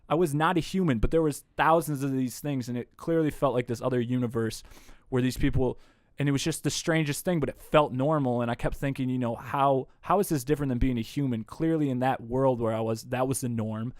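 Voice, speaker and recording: A man, a podcast guest, telling a story in a casual, animated way, swearing freely. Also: medium pitch, no room sound, studio quality. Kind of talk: casual conversation. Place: indoor room.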